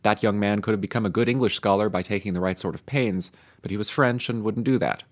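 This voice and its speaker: Low-voiced man reading old texts. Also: fast. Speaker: reader. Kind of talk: reading historical texts aloud.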